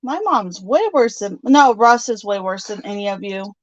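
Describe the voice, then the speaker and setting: A woman's voice: medium pitch, moderate pace, no echo. A woman joining a casual chat with teasing, dry remarks. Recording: dull dry lo-fi sound.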